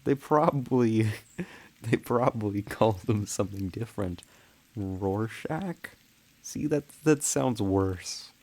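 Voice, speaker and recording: Giggly, slow-talking low-voiced streamer. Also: male voice, darkish tone. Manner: rambling and giggly, laughing often; chats with viewers while playing. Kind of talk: casual livestream chat.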